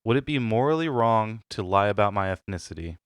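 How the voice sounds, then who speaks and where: A man's voice: fairly low pitch, lively intonation, fairly quick, dry recording. A man on a comedy podcast in an easygoing way, reading out a listener question.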